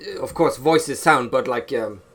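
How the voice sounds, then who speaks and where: A man's voice: medium pitch, normal speed, a bit bright. A man hosting a casual podcast, speaking hesitantly with frequent restarts and fillers. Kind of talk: casual online podcast chat.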